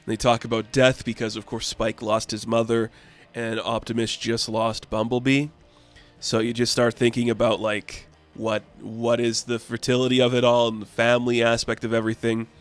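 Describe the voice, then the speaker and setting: A man's voice: mid-range voice, monotone, normal speed, clean tone, soft background music. A man casually recapping a comic book, rambling with lots of fillers and briefly acting out the characters' lines.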